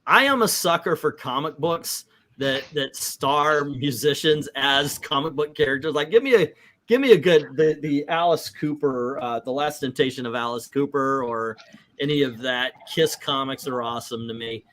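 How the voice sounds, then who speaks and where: A middle-aged man hosting a casual comic book livestream, animated and acting out quotes in little voices. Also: medium pitch, moderate pace. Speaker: comic book show host.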